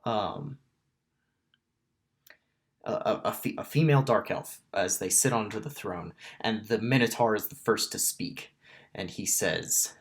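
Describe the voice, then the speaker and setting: Brief: male game master, slow, halting narration, mid pitch. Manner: halting, many restarts and ums. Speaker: dungeon master.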